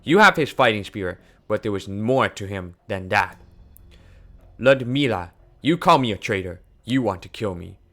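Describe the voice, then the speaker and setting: A man reading a game aloud, voicing an older male scientist mentor who speaks in a quiet, measured, sorrowful way. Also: on the low side, expressive. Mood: grave.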